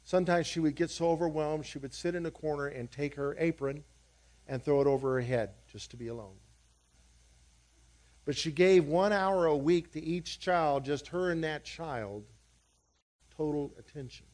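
A man's voice: a little high, normal speed, a little mellow. A male pastor encouraging his congregation and giving church announcements. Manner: encouraging, declarative.

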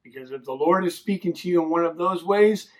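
A man's voice: on the high side, fairly quick. A man teaching children a Bible lesson, explaining ideas simply and asking them questions.

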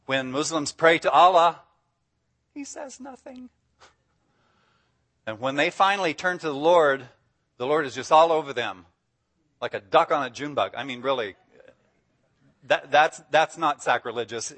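A man's voice: fairly high pitch, a bit bright. A man preaching as a guest speaker, enthusiastic and emphatic, often breaking into laughter. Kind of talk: sermon.

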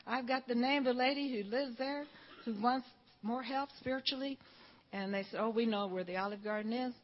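A woman's voice: a little high, brisk. Older woman, church testimony, storytelling, fervent, dull lo-fi sound. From Georgia, USA. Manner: storytelling, fervent, quotes people in dialogue. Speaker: church speaker giving testimony. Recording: dull lo-fi recording.

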